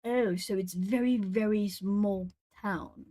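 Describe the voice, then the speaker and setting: A woman's voice: mid-range voice, steady tone, slow, warm tone, no room sound, studio quality. A Brazilian woman from the south of Brazil, chatting casually with viewers and thinking aloud while she colors on an art stream.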